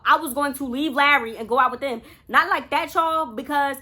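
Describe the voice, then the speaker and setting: A woman's voice: high voice, normal speed, bright, forceful tone. A young woman telling a casual storytime to her viewers, chatty and talking straight to them. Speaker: vlogger.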